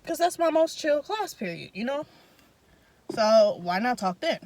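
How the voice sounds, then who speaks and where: A woman's voice: a little high, sing-song, measured pace, darkish tone. A young woman in casual storytime, telling a story with emphatic, profanity-heavy slang. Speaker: vlogger.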